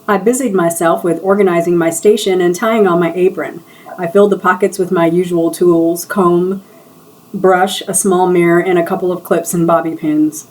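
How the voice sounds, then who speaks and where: A woman's voice: fairly low pitch, fairly even intonation, normal speed, a little mellow, poor audio. A woman reading her own novel aloud in a live session, shifting her voice for the characters' dialogue.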